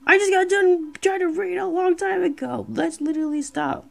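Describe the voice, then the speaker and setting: A streamer giving casual let's-play commentary, excitable and rambling, talking back to the game. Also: high voice, a little fast, gravelly, hardly any pauses, faint music behind. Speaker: gameplay streamer.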